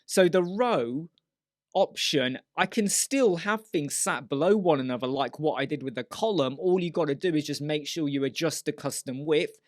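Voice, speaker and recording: A man teaching a web design software tutorial in a chatty, step-by-step way, often voicing the questions a viewer might ask. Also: a little high, normal speed, dry recording, clean studio sound. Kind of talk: screen-share software tutorial.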